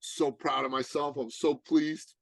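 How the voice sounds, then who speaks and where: A man's voice: on the high side, unhurried, gravelly, no echo. A man, a business coach and author, telling a story in an interview and acting out the dialogue. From Canada. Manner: animated storyteller, acts out dialogue.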